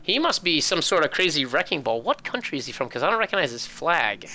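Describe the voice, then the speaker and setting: A man's voice: a little high, very animated, quick pace, bright, forceful tone. A man casting a game tournament, chatting casually and rambling through joking stories. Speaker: esports caster. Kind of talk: casual chat.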